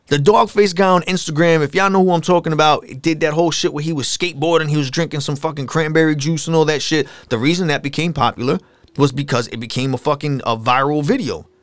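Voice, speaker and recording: Profane, animated man ranting on a podcast. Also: fairly high pitch, dry recording. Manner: profane, animated, mocking impressions. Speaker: podcast host. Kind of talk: casual solo podcast rant.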